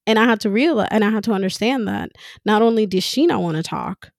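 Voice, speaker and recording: A woman speaking in a casual monologue as a mother, frank and animated, swearing freely and laughing often. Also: medium pitch, normal speed, creaky, no room sound, clean studio sound. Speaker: mother talking about parenting.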